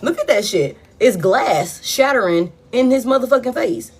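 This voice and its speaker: A woman, giving a collective tarot reading in a blunt, profane, animated way. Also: on the high side, moderate pace, breathy edge. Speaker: tarot reader.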